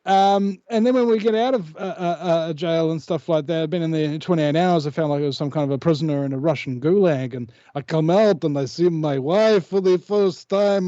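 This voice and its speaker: Kiwi guy guesting on a chat show, rambling, lots of uhs, kinda high voice but dark tone. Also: brisk, few pauses, no room sound, highs cut off. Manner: rambling storyteller, many hesitations. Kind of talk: casual interview chat.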